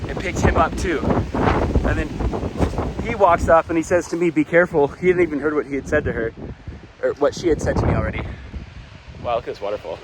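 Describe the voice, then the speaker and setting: A man's voice: a little high, a little fast, long pauses. A man talking casually to his camera while hiking outdoors on a mountain trail, rambling with plenty of "like" fillers. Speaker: thru-hiker vlogger. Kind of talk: casual trail vlog narration. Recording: loud wind noise buffeting the mic. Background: strong wind.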